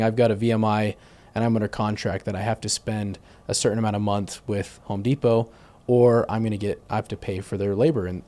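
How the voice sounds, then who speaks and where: A sales manager with a lowish, darkish voice is a guest in a casual interview conversation. He earnestly explains and praises a partner's work.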